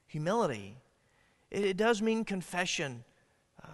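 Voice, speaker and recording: A man's voice: fairly high pitch, animated, fairly quick, a bit bright. Earnest preacher man in a reverberant hall. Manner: earnest, dynamic preaching with restarts and acted quotes. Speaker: pastor. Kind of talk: sermon.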